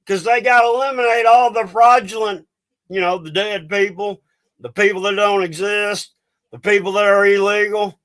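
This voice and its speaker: A man with a high voice rants angrily to his viewers on a livestream. He talks in a heated, agitated way and swears often. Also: steady tone, normal speed, fairly bright tone. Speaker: livestream host. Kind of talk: angry ranting livestream.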